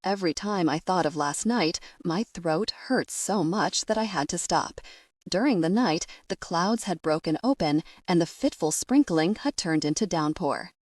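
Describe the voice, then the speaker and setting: A woman narrating a first-person audiobook in a measured, expressive way. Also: lowish voice, no room sound, clean studio sound.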